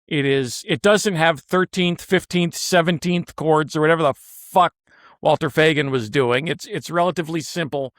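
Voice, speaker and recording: A man's voice: fairly high pitch, normal speed, a bit bright, dry recording. Blunt, opinionated man, dry close sound. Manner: blunt, opinionated, swears freely. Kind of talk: casual chat.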